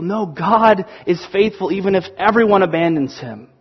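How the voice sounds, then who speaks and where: A man preaching a sermon, telling stories in an animated way and acting out the quotes. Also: high voice, moderate pace, few pauses, slightly rough, dull audio. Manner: animated storytelling, acts out quotes. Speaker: pastor.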